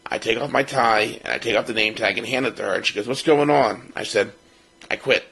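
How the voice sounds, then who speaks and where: A man's voice: mid-range voice, brisk, gravelly, husky, poor audio. A man in his fifties from Baltimore, co-hosting a podcast and telling a personal story, acting out what others said. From Baltimore, United States. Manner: lively storyteller who acts out the other people's lines. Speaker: podcast co-host.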